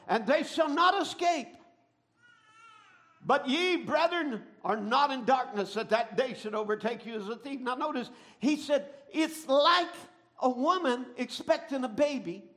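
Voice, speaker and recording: A middle-aged man preaching a sermon, telling stories dramatically and swinging from a hush to a shout. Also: very high voice. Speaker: pastor.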